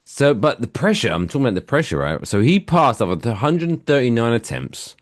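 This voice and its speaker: An English man in his forties, co-hosting a podcast in casual, profane, animated chat. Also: mid-range voice, fairly quick, dry recording, studio quality. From England. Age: 40s. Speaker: podcast co-host.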